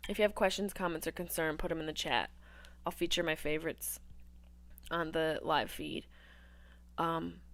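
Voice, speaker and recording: A woman hosting a live movie watch-along, riffing with crude jokes and swinging between loud outbursts and hushed asides. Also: on the low side, gravelly, no room sound. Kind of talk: casual riffing commentary over a film.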